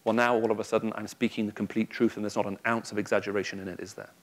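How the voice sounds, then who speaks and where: A man's voice: on the low side, racing. A man giving a public Christian talk to a live audience, telling stories with humor. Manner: lively storytelling with humor. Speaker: Christian speaker addressing an audience.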